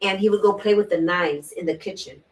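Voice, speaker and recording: A woman hosting a talk show, sharing a personal story in an earnest way, repeating key words and often clearing her throat. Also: medium pitch, steady tone, fairly quick. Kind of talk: personal testimony in a panel talk. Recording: distant mic.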